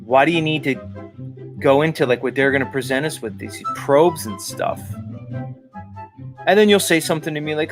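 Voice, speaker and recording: A man's voice: on the high side, a little fast, long pauses. A male host ranting on his commentary show in an agitated, profane and rambling way. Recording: talk show with music playing underneath. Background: music.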